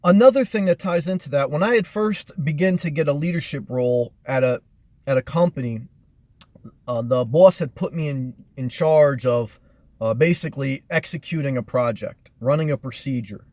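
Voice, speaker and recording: A man talks straight to the camera in a motivational vlog, earnest and unhurried. He circles back on his points with fillers and repeats key phrases for weight. His voice sits a little high, and the recording is dry and close with no room sound. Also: a little mellow, no echo. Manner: earnest, repetitive, measured delivery with many fillers. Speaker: motivational vlogger. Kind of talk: reflective motivational monologue.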